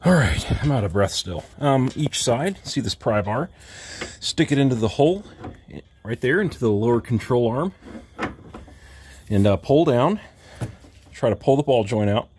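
A DIY car repair vlogger working under a car in his home driveway gives casual, matter-of-fact step-by-step repair instructions. His medium-pitched, slightly mellow voice is expressive and measured, with long pauses, plain talk, and wry asides. The recording has a little hiss or hum.

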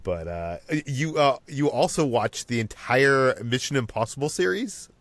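A man's voice: medium pitch, expressive, measured pace, fairly bright tone, dry recording. Man, podcast host, conversational, rambling, dry close recording. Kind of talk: casual podcast chat.

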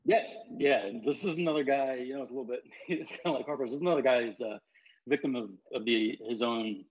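A man talking baseball as a reporter in a casual chat. He speaks haltingly, with many fillers and restarts. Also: mid-range voice, highs cut off.

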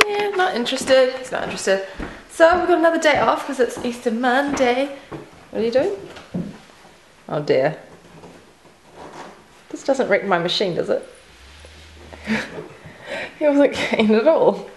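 A woman's voice: fairly high pitch, very animated, unhurried, long pauses, low-quality recording. A woman chatting casually in a family vlog, playful, cooing at her pets. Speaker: vlogger. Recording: home camera with clear background noise.

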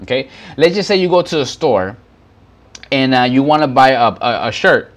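A man's voice: medium pitch, lively intonation, normal speed. A man from Houston, Texas, explaining business basics to his viewers in a loose, rambling way, full of fillers and restarts, often calling them guys. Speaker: business vlogger. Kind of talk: casual teaching monologue. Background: background noise.

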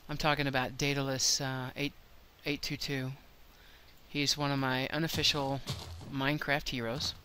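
An older woman narrates her gameplay in a chatty, thinking-out-loud way and teases herself now and then. Her voice is bright and a touch tense. A faint hiss sits under the recording. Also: very deep voice, flat delivery, normal speed. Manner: chatty, thinks aloud, self-deprecating. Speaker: let's play host. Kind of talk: gameplay commentary.

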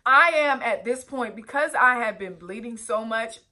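A woman's voice: on the high side, animated, moderate pace, pushed and bright. A young woman vlogger telling a personal story earnestly, with direct asides to her viewers. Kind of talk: storytime vlog, recounting a personal ordeal.

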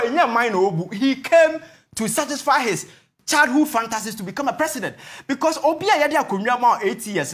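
A Ghanaian man giving heated political commentary on a talk show, emphatic and repeating his points, mixing in Twi phrases. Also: extremely high pitch.

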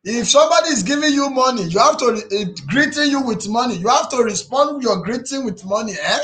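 A man's voice: very high voice, brisk. A man with a Nigerian Pidgin English accent hosting a casual live stream, teasing viewers and reading out their comments. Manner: animated, teasing, reads viewer comments aloud. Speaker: YouTube live stream host.

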